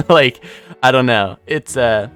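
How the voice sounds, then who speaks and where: A man's voice: mid-range voice, slow pace, fairly bright tone, clean tone, soft background music. A man streaming a video game, rambling in casual commentary, swearing often and repeating himself.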